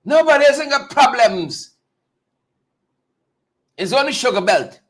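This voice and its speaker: A man hosting a live political talk show, talking straight to viewers in a mocking, animated way. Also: very high voice, slow. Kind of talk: casual live-stream commentary.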